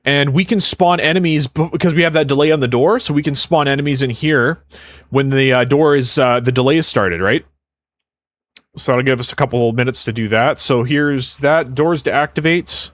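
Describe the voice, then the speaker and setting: A man's voice: mid-range voice, fairly bright tone, no room sound. Young Canadian male streamer, casual and rambling, dry close mic. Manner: casual, rambling, quick to joke. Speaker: game dev streamer. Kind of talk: live coding stream chat.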